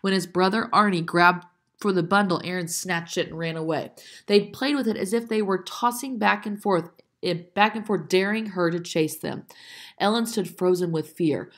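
Expressive woman reading aloud. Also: lowish voice, moderate pace. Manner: expressive, with slips and self-corrections. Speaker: reader reading a chapter book aloud. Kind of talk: read-aloud narration with asides.

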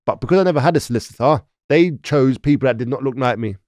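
A man with a London accent telling a story in a casual, animated way, full of slang. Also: medium pitch, fast talker, no echo, clean studio sound. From London, England. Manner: animated, slangy, acts out quoted voices. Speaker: podcast guest.

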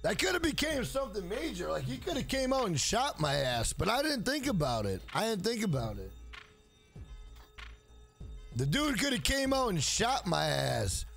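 A man's voice: high voice, wildly swooping pitch, moderate pace, gravelly, fairly bright tone, faint music behind. A man livestreaming, chatting casually and telling rambling, profane stories full of "bro.". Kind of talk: casual stream chat and storytelling.

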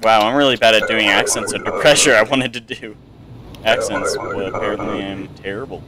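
A man's voice: on the low side, fairly even intonation, brisk, a loud crowd, low-quality recording. A young man giving casual let's-play commentary, mumbly and hesitant with many ums, sometimes yelping up into panicked no-no-nos. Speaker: gameplay streamer. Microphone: desk mic with webcam.

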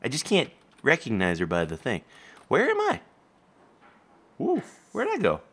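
A man casually commenting while playing a life-simulation video game, talking to the characters and jumping up in pitch when surprised. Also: wildly swooping pitch, measured pace, a bit bright. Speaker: gameplay commentator. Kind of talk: casual let's play commentary.

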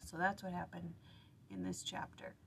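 A woman with a low, gravelly voice talks through scripture study in a loose, conversational way. She retells the story in everyday words, trips over a few phrases and starts again. A faint hiss sits under her home recording. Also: level tone, normal speed, low-quality recording. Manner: reads a devotional passage, then retells the story casually with restarts. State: sleepy, blurry-eyed early morning. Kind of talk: casual scripture study reflection.

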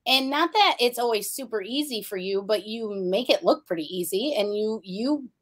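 A woman guest telling her story in a blunt, animated way during a casual interview chat. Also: on the high side, moderate pace.

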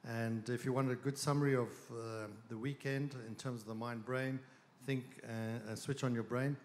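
A man speaking on stage at a conference, easygoing and joking, pausing with fillers before introducing his wife. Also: medium pitch, steady tone. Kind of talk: stage talk with joke and announcements. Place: large conference hall with audience. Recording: long hall reverb, faint crowd noise.

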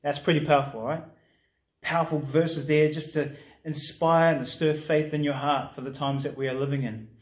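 A man pastor giving a recorded sermon in a warm, conversational preaching manner that drops soft in prayer. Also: a little high, flat delivery, moderate pace, roomy sound.

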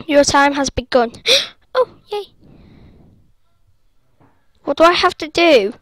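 A woman's voice: high voice, lively intonation, slow, pauses often, no room sound. A woman giving rambling, giggly commentary over a video game, breaking into silly singing and squeals. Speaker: gaming video host.

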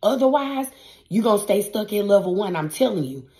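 A woman's voice: mid-range voice, lively intonation, brisk, dark tone. A woman tarot reader giving a spiritual pep talk to her viewers in a casual, emphatic, repetitive style with a preacher-like cadence. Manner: casual, addresses viewers as y'all.

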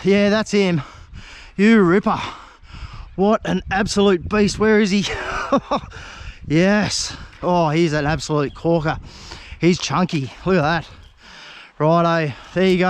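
An Australian man with a fairly high voice narrates his fishing trip outdoors by a river. He chatters to the fish and the viewers, excited and casual, in a loose vlog style. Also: normal speed, clean tone. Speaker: fishing channel host.

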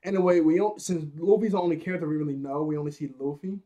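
A man's voice: a little high, racing, warm tone, muffled recording. A man giving a casual, rambling episode review, laughing often at his own jokes.

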